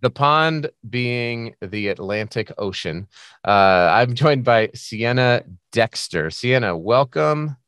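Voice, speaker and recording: An American man hosting a podcast interview, upbeat and joking with quick asides. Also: medium pitch, lively intonation, fairly bright tone, clear, resonant tone, no echo, clean studio sound. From United States. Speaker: podcast host. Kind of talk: casual interview chat.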